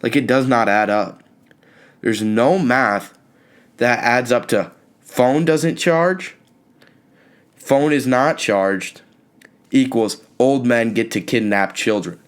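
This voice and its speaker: A young man hosting a podcast, telling a comic story in an animated, exasperated rant with sudden high-pitched outbursts. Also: takes it slowly, pauses often. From California. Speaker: podcast host. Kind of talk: comedic storytelling monologue.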